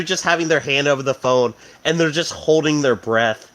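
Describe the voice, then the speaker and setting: A young male podcast cohost riffs on football in loose, joking banter, full of restarts and fillers. His voice sits on the higher side for a man. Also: a little fast, few pauses, fairly bright tone. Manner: rambling, joking, many fillers. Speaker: podcast co-host. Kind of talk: casual sports banter.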